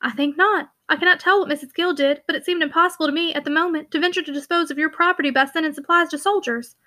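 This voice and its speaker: A timid, anxious older woman explains herself in a hesitant, apologetic way, as a female reader voices her. The voice is high and quick. Audiobook reading. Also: fairly even intonation, sharp tone.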